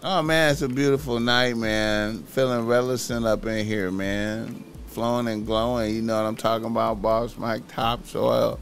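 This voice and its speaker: A man's voice: mid-range voice, steady tone, moderate pace, creaky, few pauses, faint music behind. A man talking casually on a livestream, rambling, repeating filler words and swearing freely.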